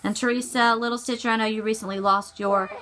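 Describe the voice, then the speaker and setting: A woman's voice: a little high, steady tone, quick pace, background noise. A middle-aged woman, chatting casually on her cross-stitch vlog and often rambling and correcting herself. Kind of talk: casual chat.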